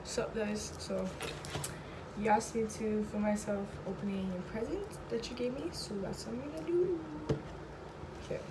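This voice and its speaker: A woman's voice: medium pitch, normal speed, heavy background noise. Laid-back, slangy young woman. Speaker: friend opening a gift. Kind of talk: casual vlog chat.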